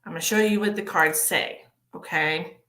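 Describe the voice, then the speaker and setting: A woman's voice: on the low side, normal speed, sharp tone, reverberant, low-quality recording. A woman in her forties giving psychic card readings on a live stream, chatty and sassy as she reads out viewer comments. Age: 40s. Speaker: psychic tarot reader.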